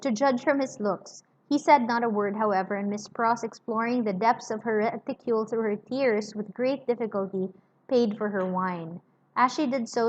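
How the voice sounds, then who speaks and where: Chatty woman teacher reading to a class. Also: a little high. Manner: chatty, with fillers and reminders. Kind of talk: reading a novel aloud to a class. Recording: dull lo-fi recording.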